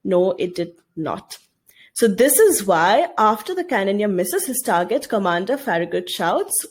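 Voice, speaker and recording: Husky-voiced woman teaching a recorded lesson. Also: medium pitch, sing-song, a little slow. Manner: explanatory, asks students rhetorical questions. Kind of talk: recorded video lesson, reading and explaining a story.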